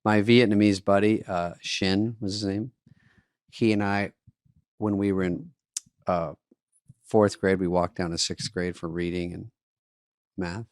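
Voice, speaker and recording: Sardonic low-voiced middle-aged man. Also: level tone, measured pace, pauses often, dry recording, studio quality. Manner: sardonic, mumbling asides. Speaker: podcast co-host. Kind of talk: casual comedy chat.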